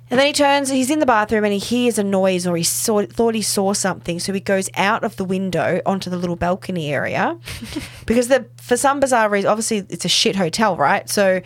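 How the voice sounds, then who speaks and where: A woman, recapping a TV episode in casual chat, full of "like" and "um" and quick laughs. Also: medium pitch, no room sound. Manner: chatty, filler-heavy with frequent "like" and "um", laughs often. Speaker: podcast co-host.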